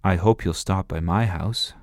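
A man voicing a lonely old woman neighbour telling a spooky tale, slow and storytelling. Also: deep voice, dry recording, clean studio sound.

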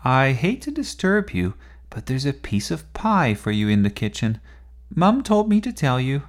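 A man voicing a bold, cheeky young girl in a storybook, high and teasing. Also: sing-song, moderate pace, lightly acted.

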